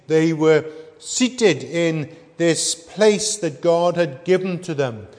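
A middle-aged man preaching a sermon, earnest and measured, pausing often with ums. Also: fairly high pitch, lively intonation, darkish tone. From Wales. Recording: echoey hall with long reverb.

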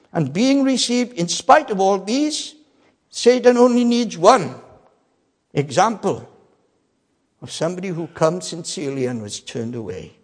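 Male preacher, slightly high voice, emphatic sermon delivery with loud peaks and quiet drops, long reverberant hall. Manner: emphatic, swings between loud declarations and quiet asides.

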